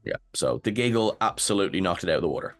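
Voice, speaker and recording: Animated Irish man, lowish voice. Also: soft background music. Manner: animated, halting restarts. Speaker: co-host. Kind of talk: casual discussion.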